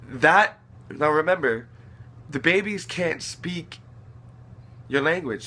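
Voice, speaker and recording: A man's voice: on the high side, moderate pace, pushed and bright. A young man giving earnest fatherly advice in casual talk to camera, repeating himself and restarting often. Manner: earnest, repetitive, many restarts.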